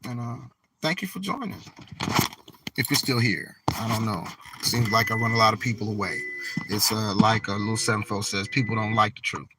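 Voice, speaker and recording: A man hosting a casual live stream, talking to his viewers in a slow, emphatic, preachy way. He stretches out the words he wants to stress. Steady car and road noise runs loudly under his voice. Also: fairly low pitch. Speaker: livestream host.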